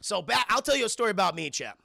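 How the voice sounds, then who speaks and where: A young adult man, a streamer host, telling stories in an animated and profane way to his chat during a casual film review. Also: sits high, racing, gravelly, dry recording, studio quality.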